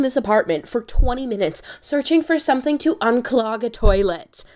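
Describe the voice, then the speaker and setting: American woman telling a travel story. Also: mid-range voice. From United States. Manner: animated, quick restarts. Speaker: podcast host. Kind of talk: casual storytelling.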